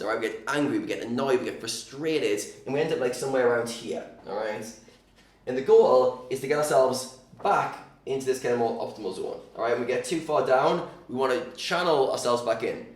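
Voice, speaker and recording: A man's voice: medium pitch, echoey room. A man coaching poker players on mindset in a casual, direct teaching talk, checking in often with "all right?".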